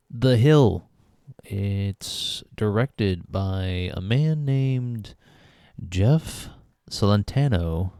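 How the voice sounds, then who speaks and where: A man's voice: low voice, creaky, a little mellow, clear, resonant tone, no echo, clean studio sound. A man hosting a casual spoken film review, rambling with many fillers and restarts. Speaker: movie review host.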